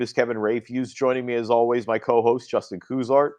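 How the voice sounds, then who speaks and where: A young man co-hosting a casual sports podcast, an animated storyteller who acts out quoted dialogue, recorded on a close, dry mic. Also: mid-range voice, fairly quick, dry recording. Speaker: podcast co-host.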